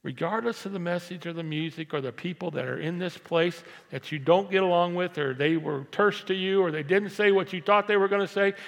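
A pastor preaching to his church, talking easily one moment and hammering a point with loud repeated lines the next. His voice sits a little high for a man and has a gravelly edge. The sound rings with the long reverb of a church hall. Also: brisk, few pauses. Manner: conversational preaching that swings from quiet asides to loud emphatic repetition. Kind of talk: sermon.

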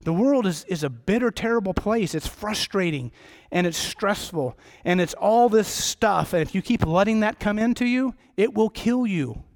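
Casting note: high-pitched middle-aged man preaching a sermon in church, jokey and rambling. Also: animated, normal speed, hardly any pauses, darkish tone. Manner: rambling, self-deprecating, jokey asides.

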